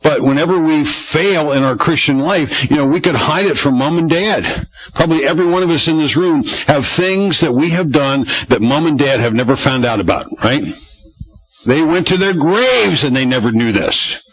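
A man's voice: fairly high pitch, animated, moderate pace, a bit bright, husky, no room sound, muffled recording. A man preaching a sermon in a church, talking conversationally to his congregation and often restarting phrases. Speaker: pastor.

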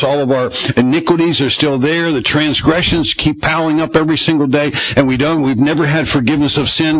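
A man's voice: a little high, fairly bright tone, husky, muffled recording. A man preaching a sermon in a church, talking conversationally to his congregation and often restarting phrases. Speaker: pastor.

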